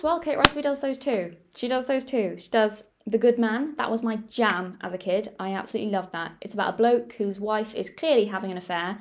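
A woman's voice: mid-range voice, a little fast, few pauses. Enthusiastic Yorkshire woman over music. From Yorkshire, England. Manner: enthusiastic, rambling with self-corrections. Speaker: presenter. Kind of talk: casual talk about favourite songs. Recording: music playing underneath.

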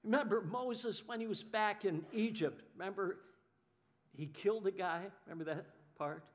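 A man preaches a sermon with a notably high voice for a man. He is animated and expressive, jumping into the voices of the people he describes. He often repeats a word or two before going on. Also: moderate pace. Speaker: pastor.

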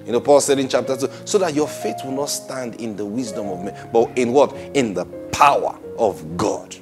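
A man preaching a sermon, emphatic, laughing often and acting out quoted people in a low muttering voice. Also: moderate pace, music in the background.

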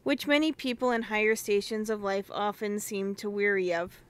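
A woman narrating a classic children's novel as an audiobook, measured and gentle. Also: mid-range voice, clean tone.

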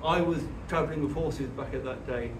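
A man giving a conversational church talk, telling personal stories in an earnest, halting way with frequent restarts. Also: medium pitch. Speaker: church speaker. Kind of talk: conversational sermon with personal storytelling. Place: church hall. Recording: echoey hall, distant mic, faint hiss.

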